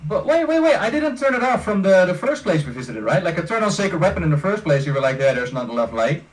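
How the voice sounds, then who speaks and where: A man's voice: high-pitched, sing-song, fast talker, far from the mic, low-quality recording. A man playing a tabletop game, chatting casually and teasing the other players. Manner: joking, teasing banter.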